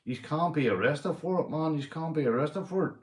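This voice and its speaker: A man's voice: on the high side, expressive, fairly quick, darkish tone, reverberant. Sweary Northern Irish man ranting. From Northern Ireland. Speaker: livestream host. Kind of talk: casual livestream rant.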